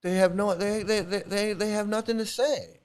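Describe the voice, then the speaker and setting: A man's voice: high-pitched, steady tone, normal speed, a little mellow. A man hosting a livestream, talking straight to his chat in a combative, repetitive way. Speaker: livestream host. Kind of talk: livestream commentary, answering chat.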